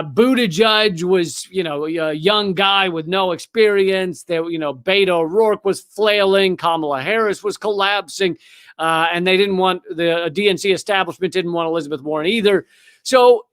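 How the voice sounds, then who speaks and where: A man with a high voice delivers political news commentary as a sarcastic, swearing rant. He talks in bursts, restarting sentences as he builds his case. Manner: profane, sarcastic, animated ranting with restarts. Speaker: political comedian and news host.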